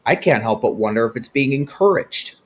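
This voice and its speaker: A man hosting his own podcast, giving opinionated solo commentary that swings from heated outbursts to hushed, sober stretches. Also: mid-range voice, animated, a little fast. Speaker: podcast host.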